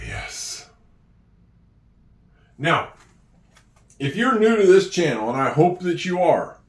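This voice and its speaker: Male teacher at a board, slightly high voice, recorded from a distance in an echoey room. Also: huge pitch swings. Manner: slow, encouraging, with drawn-out words. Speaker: English teacher. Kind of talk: handwriting and spelling lesson. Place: room with a whiteboard.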